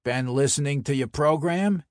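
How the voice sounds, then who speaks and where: A man's voice: on the high side, no room sound, clean studio sound, lightly acted. A man voicing a brash middle-aged mob enforcer with a Brooklyn accent, boisterous and needling. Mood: jovial, teasing. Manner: boisterous, needling, quick to anger. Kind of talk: audiobook character voice.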